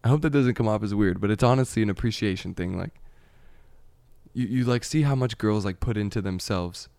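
A man's voice: fairly low pitch, fairly quick, gravelly, darkish tone, no echo. A man talking in casual, rambling chat, swearing freely and laughing at his own points.

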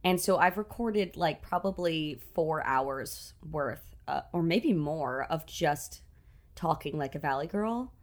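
A woman's voice: low-pitched, lively intonation, slow pace. A woman co-hosting a podcast in casual chat, talkative with frequent fillers and laughs. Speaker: podcast co-host. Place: at home in Los Angeles.

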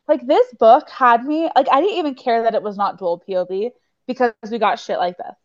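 A woman's voice: fairly high pitch, fairly quick. Young female co-host, chatty and eager, muffled lo-fi recording. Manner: chatty, enthusiastic, heavy use of "like". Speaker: podcast co-host. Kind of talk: casual book-club chat. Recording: dull lo-fi mic.

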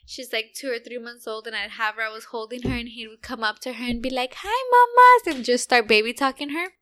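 High bright-voiced mom chatting, animated storyteller. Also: female voice, quick pace. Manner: animated storyteller, acts out quotes. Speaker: co-host, mother. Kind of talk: casual chat.

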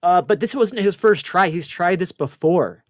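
On a casual radio show, a male co-host tells a wild news story with lots of energy, putting on voices for the people he quotes. His voice is high-pitched at a normal speed, recorded studio quality with no echo.

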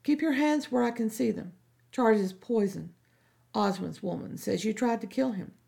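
A woman voicing a gruff male guard captain, curt and commanding. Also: a little high, normal speed, warm tone.

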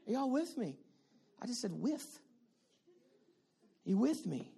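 Animated preaching man, hushed to shouting. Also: very high-pitched, slow pace, creaky, long pauses, breathy edge. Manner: playful, banters with the congregation. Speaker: pastor. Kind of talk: sermon.

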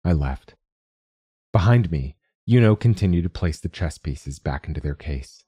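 A man narrating a short story in a steady, measured way. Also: sits low. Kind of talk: scripted narration.

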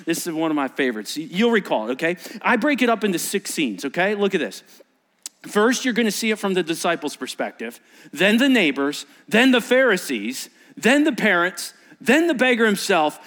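Animated male pastor preaching. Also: sits high, moderate pace. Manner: animated, acts out the story's voices, repeats words. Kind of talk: sermon.

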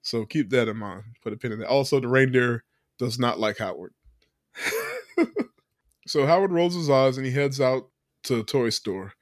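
A man's voice: medium pitch, sing-song, normal speed, long pauses, no room sound, clean studio sound. A man hosting a podcast, casually recapping a movie plot and laughing often. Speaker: podcast host.

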